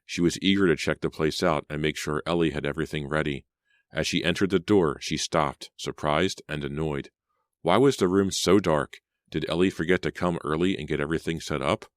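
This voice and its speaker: A man reading a horror story aloud as an audiobook narrator, steady and suspenseful. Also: rumbling low, a little fast, no echo, studio quality. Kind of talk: scripted narration.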